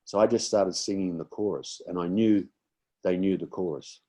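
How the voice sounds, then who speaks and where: Deep-voiced older Australian man. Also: normal speed, warm tone. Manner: rambling, anecdotal, many fillers and restarts. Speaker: guest comedian and impressionist. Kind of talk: casual storytelling chat.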